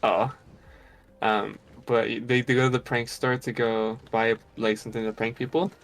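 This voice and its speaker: A man's voice: mid-range voice, flat delivery, normal speed. A young man chatting casually while gaming, rambling through a story and laughing often. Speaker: gamer.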